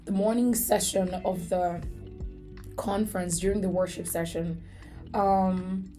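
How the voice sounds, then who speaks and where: A woman's voice: mid-range voice, steady tone, a little slow, dark tone, faint music behind. A woman hosting a faith podcast, telling a story in an earnest, emotional way. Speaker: podcast host.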